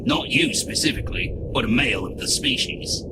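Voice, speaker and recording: A man's voice: mid-range voice, wildly swooping pitch, fairly quick, creaky, heavily acted. Man as a whispery alien scientist, formal and clinical, heavy noise on recording. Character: calm male alien scientist, polite and clinical.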